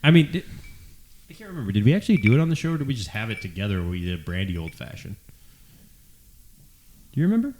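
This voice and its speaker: A man's voice: on the low side, very fast, darkish tone, a little hiss or hum. A man co-hosting a casual chat over drinks, talkative and often hedging with "I don't know.". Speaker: podcast co-host.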